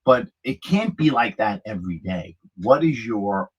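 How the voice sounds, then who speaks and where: Guest, middle-aged man, husky voice, animated storyteller acting out quotes. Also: on the low side, measured pace, poor audio. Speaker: guest, lifeguard. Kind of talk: casual conversational storytelling.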